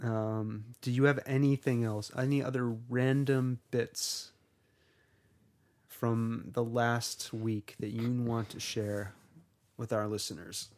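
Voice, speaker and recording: A man's voice: mid-range voice, flat delivery, slow pace, darkish tone. Man, podcast co-host, casual chat, rambling, jokey. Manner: rambling, jokey, mock British bits.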